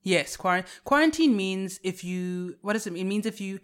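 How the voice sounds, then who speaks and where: A woman's voice: mid-range voice, animated, moderate pace. A young woman hosting a casual podcast, talking in a dry, matter-of-fact and teasing way. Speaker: podcast host.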